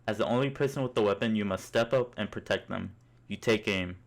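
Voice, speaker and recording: A man's voice: on the low side, brisk. A young man narrating a comic story in the second person, in an amused, mock-epic way.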